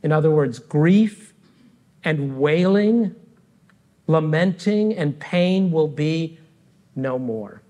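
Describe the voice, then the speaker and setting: A middle-aged man preaching a sermon as pastor, speaking earnestly and deliberately with frequent pauses between phrases. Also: on the high side, animated, dark tone. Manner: earnest and reflective.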